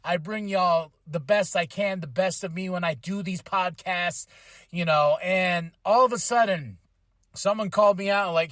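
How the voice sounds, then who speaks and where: A man's voice: sits high, normal speed, a bit bright, dry recording. A man hosting a casual wrestling review podcast, hyped and rambling with lots of fillers. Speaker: podcast host.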